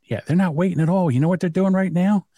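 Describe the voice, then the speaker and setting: A man's voice: high-pitched, fast talker, warm tone, dry recording, studio quality. A man co-hosting a podcast in casual, teasing banter, rambling and laughing at his own jokes. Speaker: podcast co-host.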